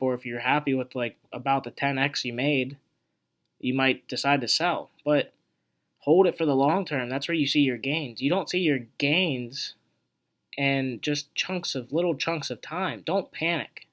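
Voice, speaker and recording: A man's voice: fairly high pitch, fairly bright tone. A young man hosting an investing video, casually explaining a stock chart in a rambling, conversational way full of asides and filler words.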